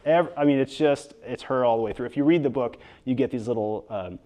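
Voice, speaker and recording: A man being interviewed about his book in front of an audience, telling stories in a lively way with quick asides and frequent restarts. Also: mid-range voice. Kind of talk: storytelling interview talk before an audience. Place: event hall with an audience.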